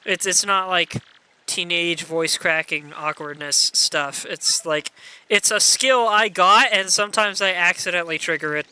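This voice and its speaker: A man's voice: high-pitched, unhurried, sharp tone, smooth. Wry, chatty man streaming a game. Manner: chatty, wry, reads chat aloud. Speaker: gaming streamer. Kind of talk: casual live playthrough commentary.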